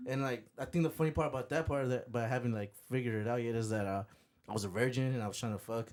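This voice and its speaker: A man's voice: medium pitch, very fast, a little mellow. Laid-back rambling comedian guy. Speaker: stand-up comedian guest. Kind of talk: casual chat.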